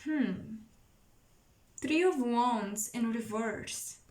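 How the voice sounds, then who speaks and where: A woman doing an intuitive tarot reading to camera, musing and searching for words with many pauses. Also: on the high side, darkish tone, reverberant. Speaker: tarot reader.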